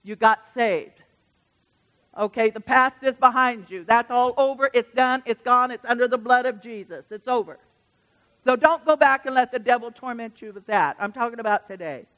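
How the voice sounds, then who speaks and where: A woman preaching a sermon in church. She swings from hushed asides to loud, emphatic bursts. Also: on the high side, moderate pace. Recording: reverberant church hall.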